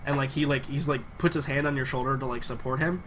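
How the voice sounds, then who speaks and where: A man running a tabletop game, narrating in a rambling, filler-heavy way. His voice is bright and forward, with faint noise underneath. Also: mid-range voice, fairly even intonation, fast, rough recording. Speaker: game master.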